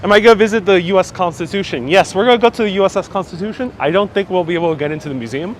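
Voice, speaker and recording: Casual male live-stream host, slightly high voice, reads chat aloud, outdoor street walk. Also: very fast, slight background noise. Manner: chatty, reads viewer comments aloud and reacts. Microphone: phone on handheld gimbal.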